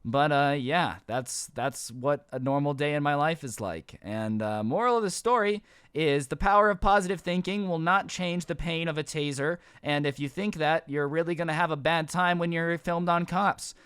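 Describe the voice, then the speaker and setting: A man in his twenties telling a high school storytime to his channel in a casual, slangy way, tossing in bro and dude. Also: normal speed, hardly any pauses, fairly bright tone, clear, resonant tone, dry recording, clean studio sound. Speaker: YouTube storyteller.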